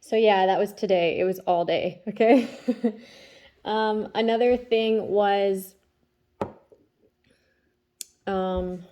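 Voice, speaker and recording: A woman in her thirties who reads tarot chats casually about her day and her kids in a spiritual vlog, often tagging lines with "okay?" to check in. Her mid-range voice is warm, with fairly even intonation and a slow pace, and the sound is lo-fi.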